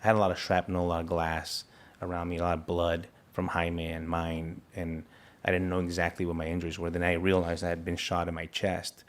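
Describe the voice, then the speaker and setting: A man giving an interview, earnestly retelling a frightening event with halting restarts and quoted dialogue. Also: deep voice, monotone. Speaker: interview guest, federal agent. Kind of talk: personal account in an interview.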